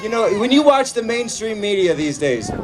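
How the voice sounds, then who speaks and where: A man giving a political rally speech outdoors, shouting to a crowd and leading chants. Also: high voice, big pitch swings, fairly quick, far from the mic. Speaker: rally speaker. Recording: loud crowd and outdoor noise. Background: cheering crowd.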